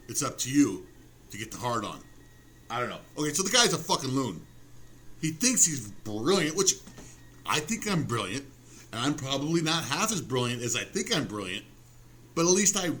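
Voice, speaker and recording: A man's voice: mid-range voice, a bit bright. A man ranting casually to camera, profane, sarcastic and self-mocking, with frequent restarts. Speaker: vlogger. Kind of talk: rambling casual rant to camera.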